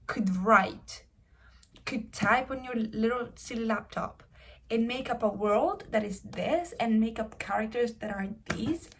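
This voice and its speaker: A young woman in her twenties chatting casually about books she is reading, animated and openly emotional. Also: a little high, slight background noise. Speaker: book vlogger. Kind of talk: casual chat.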